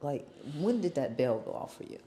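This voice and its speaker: A woman podcast host asking soft-spoken, probing follow-up questions in a casual interview. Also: rumbling low, very animated, moderate pace.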